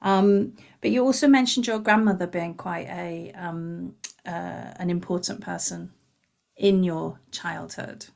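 A woman's voice: lowish voice, steady tone, unhurried, vocal fry, a little mellow. A woman hosting an interview, asking curious, friendly questions. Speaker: podcast host. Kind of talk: casual interview chat.

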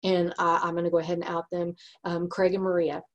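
A woman's voice: lowish voice, little pitch movement, fairly quick. A woman with a Texas accent hosting a podcast, talking earnestly in a casual chat. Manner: earnest and warm-hearted, frequent laughs and restarts. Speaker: podcast host.

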